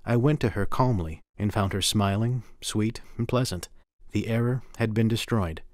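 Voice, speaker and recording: A man giving a measured, earnest first-person reading from a memoir for a documentary. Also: fairly low pitch, a little mellow, dry recording, studio quality.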